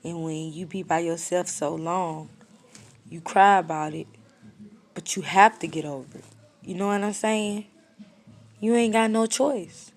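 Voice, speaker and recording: Young woman in her twenties, low voice, flat matter-of-fact story time delivery. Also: measured pace, long pauses. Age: 20s. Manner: blunt, slangy and matter-of-fact, little emotion shown. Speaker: storyteller vlogger. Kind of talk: casual story time monologue.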